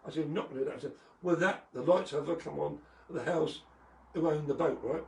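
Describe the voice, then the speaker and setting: A man's voice: a little high, fast, vocal fry, darkish tone. A man, a former motocross champion, telling rambling anecdotes full of fillers and chuckles on a live video call. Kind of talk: casual storytelling. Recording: echoey room, distant mic, faint noise.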